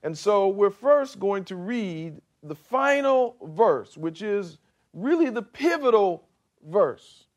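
Male pastor, middle-aged, sermon, high voice, unhurried, emphatic rises and drops in volume. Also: gravelly. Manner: slow, emphatic preaching with dramatic swings in loudness.

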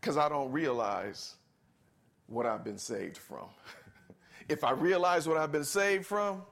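Emphatic higher-voiced preacher delivering a sermon. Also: male voice, slow, gravelly, fairly bright tone. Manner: emphatic, asks the congregation to answer and repeats key phrases.

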